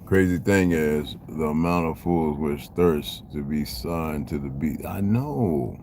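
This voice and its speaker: A man's voice: very deep voice, slow, a little mellow. A man vlogging from his car, talking in a blunt, profane, rambling way in a casual monologue. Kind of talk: casual monologue while driving. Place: inside a car. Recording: noisy car interior.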